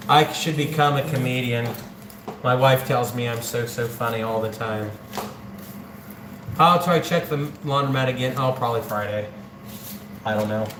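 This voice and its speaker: A man's voice: a little high, a bit bright, a little hiss or hum. A man from central Ohio hosting a casual livestream, chatting and joking while he counts money aloud. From central Ohio, USA. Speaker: livestreaming channel host. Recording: echoey room with faint background ambience.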